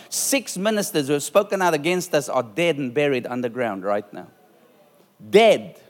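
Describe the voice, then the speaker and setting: A man's voice: mid-range voice, animated, moderate pace. A middle-aged man preaching to a live congregation, driving his points home with repeated phrases and rising force. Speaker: pastor. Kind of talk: sermon. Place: church hall with a live congregation. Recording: long hall reverb.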